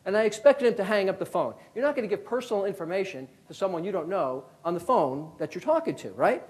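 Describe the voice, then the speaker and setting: A man around fifty from Connecticut, a former FBI agent giving a keynote talk as a lively storyteller who acts out the people in his anecdotes. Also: high-pitched, quick pace. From Connecticut, USA.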